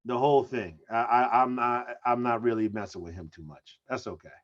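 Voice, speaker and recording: A man's voice: mid-range voice, a little fast. A man co-hosting a casual comedic chat, joking and incredulous as he riffs on the news. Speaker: co-host. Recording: muffled lo-fi audio.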